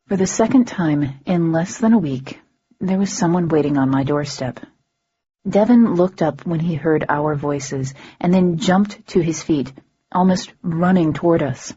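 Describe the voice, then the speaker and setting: A woman's voice: low-pitched, a little slow, mellow, slightly rough. A woman reading first-person audiobook narration in a dry, wry, matter-of-fact way, in a slightly muffled audiobook recording.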